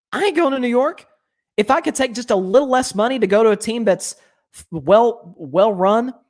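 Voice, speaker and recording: A young man hosting a sports commentary show, ranting with indignation and lots of restarts. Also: high-pitched.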